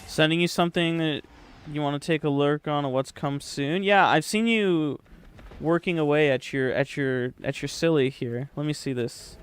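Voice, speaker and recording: A man's voice: on the high side, normal speed, clear, resonant tone. A young man streaming a game live, joking and swearing as he chats with his viewers at a desk microphone. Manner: profane, joking, talks to chat. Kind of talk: casual live-stream chat.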